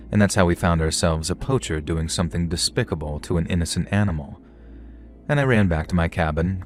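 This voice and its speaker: Deep-voiced man narrating horror stories. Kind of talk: scripted horror story narration.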